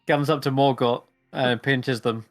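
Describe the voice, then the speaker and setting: A man running a tabletop game as dungeon master, narrating in a loose, chuckling way with plenty of fillers. His voice sits at an ordinary pitch, with faint music behind. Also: fairly even intonation, measured pace.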